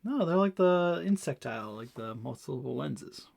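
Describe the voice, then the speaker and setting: A man's voice: medium pitch, animated, normal speed, creaky, a little mellow. A young man co-hosting a casual toy review, talking enthusiastically and rambling with lots of fillers. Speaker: co-host reviewing toy figures.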